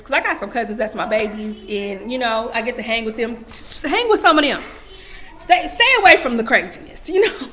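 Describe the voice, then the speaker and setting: A woman's voice: a little high, expressive, a little fast, sharp tone. A young adult woman giving casual, emphatic advice to camera in a vlog, repeating her points and talking to herself. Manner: repetitive, emphatic, self-talk asides. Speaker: vlogger.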